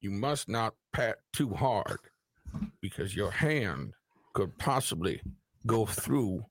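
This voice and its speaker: Man putting on a mock-solemn congressman, low voice, very dry sound. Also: animated, slow pace, no echo, full character voice. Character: rambling male congressman spoofing a floor speech.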